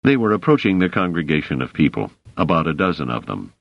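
A deep-voiced man narrates an audiobook in a measured, even manner, with lively pitch. The recording is dry and close, with a dull, lo-fi tone. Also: gravelly, dry recording. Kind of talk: scripted narration.

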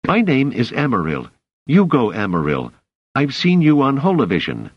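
A man's voice: mid-range voice, huge pitch swings, normal speed, husky, dry recording, lo-fi sound, pitched above the performer's own voice. A man voicing an eager, solemn young male laborer who speaks insistently. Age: young adult.

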